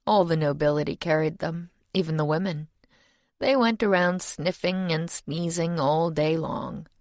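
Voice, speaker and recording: A woman's voice: low-pitched, a little slow, dry recording. A woman reading an audiobook voices a polite, world-weary male demon who speaks in a genial, dry tone. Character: genial ancient male demon, urbane, chain-smoking.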